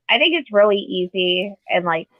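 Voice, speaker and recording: A woman's voice: mid-range voice, expressive, a little slow, no room sound. A woman guest in casual chat on a call, talking in a heated, profane, impassioned way. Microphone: phone or call line. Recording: tinny phone line, dry.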